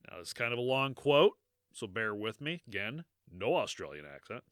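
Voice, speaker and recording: Recorded dry in a clean studio, this podcast co-host talks at a moderate pace in a mid-range voice. He reads a long quote aloud amid casual chat, cursing freely, laughing a lot, and shifting animatedly from loud to quiet.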